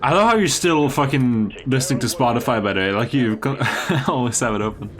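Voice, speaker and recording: A man's voice: mid-range voice, animated, fairly quick, a bit bright, soft background music. A young man, hosting a casual gaming chat, joking crudely and swearing often. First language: Norwegian. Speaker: gaming channel host.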